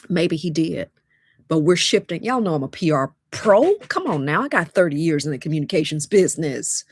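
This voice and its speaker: A woman's voice: low voice, animated, moderate pace, slightly rough, no echo, studio quality. A woman, giving a motivational talk as a dating coach, emphatic and repetitive with call-and-response phrases.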